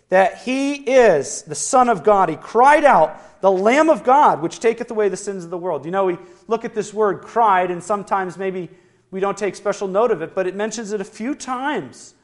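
High-voiced man preaching a sermon. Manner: slow, declaring rise on scripture quotes; asks the listeners questions.

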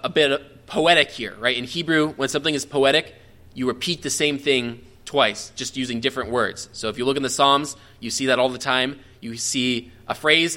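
A man's voice: medium pitch, bright, forceful tone. A man teaching a verse-by-verse Bible study in a conversational, explanatory way, often restarting phrases and checking in with his listeners. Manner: frequent restarts and self-corrections.

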